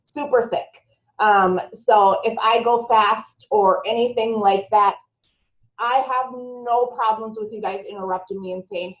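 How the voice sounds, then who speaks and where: A woman's voice: a little high, reverberant, lo-fi sound. Chatty Minnesota-accented woman on a call. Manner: chatty, filler-heavy, fast-talking. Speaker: marketing trainer. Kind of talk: live video-call presentation. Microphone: video call.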